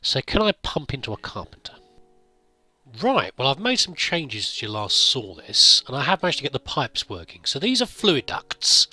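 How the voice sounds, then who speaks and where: A man talks his way through a video game, muttering and chuckling at his own slip-ups. His voice is bright and bouncy, rising and falling a lot, recorded close and dry. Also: mid-range voice, sing-song, moderate pace, husky, dry recording, soft background music. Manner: chatty, talks to himself, mutters and laughs at his mistakes. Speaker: gameplay video host. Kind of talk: casual gameplay commentary.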